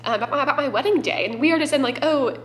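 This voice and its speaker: A young woman telling a personal story to camera in an excitable, chatty vlog style, with lots of "like". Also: high voice, rapid-fire, slight background noise. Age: young adult. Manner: chatty, excitable, heavy use of "like". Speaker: vlogger.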